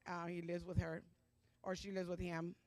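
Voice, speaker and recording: A middle-aged woman giving a personal testimony at a church Sunday service, speaking in a halting, emotional way with many pauses and fillers. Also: fairly low pitch, little pitch movement, a little mellow, no room sound.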